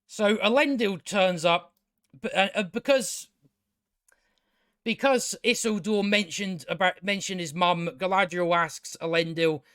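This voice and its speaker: A man's voice: high voice, unhurried, fairly bright tone, clear, resonant tone, dry recording, studio quality. A man hosting a casual spoken TV review, sarcastic and exasperated, swearing freely and restarting his sentences. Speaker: TV review channel host.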